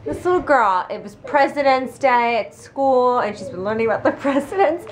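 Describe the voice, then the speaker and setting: High-voiced young mother chatting. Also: animated, normal speed, soft background music. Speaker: vlogging mother. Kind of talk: casual family vlog chat.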